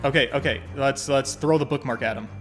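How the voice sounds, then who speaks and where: A man's voice: mid-range voice, a little fast, fairly bright tone, faint music behind. A man giving casual, joking let's-play commentary, swearing freely as he talks through a game. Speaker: streamer.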